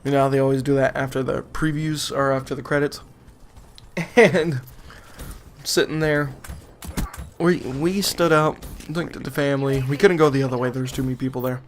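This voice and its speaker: A man's voice: medium pitch, steady tone, normal speed, a little hiss or hum. Young man, casual storytime rant, rambling, exasperated, mid-range voice. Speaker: gaming channel vlogger.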